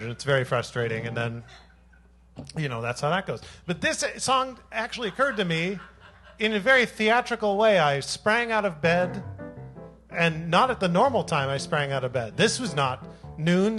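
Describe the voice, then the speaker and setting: A man with a fairly high voice tells loose, self-mocking stories between numbers as the leader of a jazz band on a live stage. Faint instruments sit behind his talk. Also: normal speed, fairly bright tone, faint music behind. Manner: playful, rambling, self-mocking storyteller. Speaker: bandleader and singer. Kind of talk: joking stage banter between songs.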